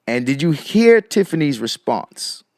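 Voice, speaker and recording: A man streaming casual commentary in a fairly high, very lively voice that swings up and down. He keeps firing the same rhetorical question at his viewers and breaks off to shout out chat members. The sound is close and dry, with no room around it. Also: a little slow, dry recording.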